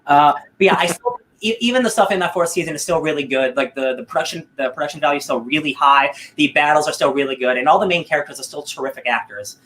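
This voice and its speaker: A man's voice: fairly high pitch, fast talker, few pauses, a bit bright, slight background noise. A man co-hosting a casual podcast, talking in a rambling, upbeat way with lots of fillers and restarts. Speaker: podcast co-host.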